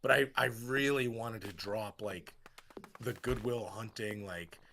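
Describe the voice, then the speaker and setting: A man's voice: fairly low pitch, unhurried, sharp tone, a little hiss or hum. A man on a live stream telling rambling personal anecdotes in casual chat, with frequent restarts. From United States. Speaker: streamer co-host.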